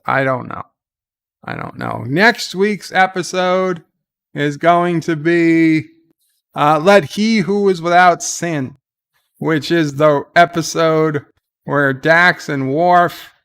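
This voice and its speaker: Slow-talking man hosting a live stream. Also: medium pitch, a bit bright, smooth. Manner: rambling, with many restarts and fillers. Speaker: host of a live reaction stream. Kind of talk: casual live commentary, retelling scenes.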